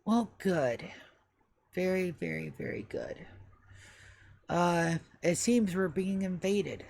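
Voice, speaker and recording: A woman voicing an ancient, stately great tree spirit in a tabletop game, speaking slowly and formally like an old butler. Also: on the low side, big pitch swings, vocal fry, a little mellow, exaggerated voice. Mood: grave. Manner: slow, deliberate, formal. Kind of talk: tabletop game role-play.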